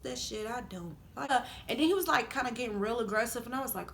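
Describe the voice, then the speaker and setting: A woman telling a story to her vlog audience in a casual, animated way, swearing freely and growing loud when angry. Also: a little high, fast talker, creaky, few pauses, a little hiss or hum. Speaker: vlogger telling a story time.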